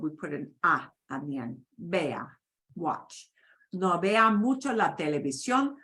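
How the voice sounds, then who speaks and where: A woman teaching a beginners' Spanish class in a chatty, informal way. Her pitch moves around a lot as she stresses points, and she keeps checking in with "okay" as she repeats the rules. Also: a bit bright. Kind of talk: explaining grammar to a beginner class.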